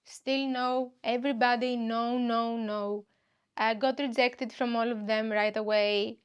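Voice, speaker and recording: A woman tells a comic story in a high voice. She hosts her own podcast and talks in an animated way, slipping into the voices of the people she met. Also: measured pace, clear, resonant tone, lo-fi sound. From Greece. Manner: animated, acts out dialogues with other people. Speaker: podcast host and comedian. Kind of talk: comedic storytelling monologue.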